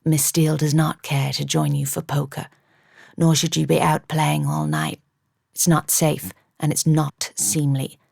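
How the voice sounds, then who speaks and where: A woman voicing a stern, commanding young American gentleman in an audiobook, clipped and firm. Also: sits low, little pitch movement, a little slow, vocal fry, breathy edge, no room sound, studio quality, full character voice. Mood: measured.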